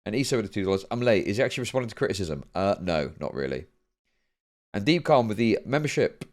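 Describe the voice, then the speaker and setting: A man's voice: fairly low pitch, very animated, quick pace. A man streaming live, reading out donations with a dry, repeated "indeed," then explaining at length with many fillers. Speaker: streamer reacting to a video.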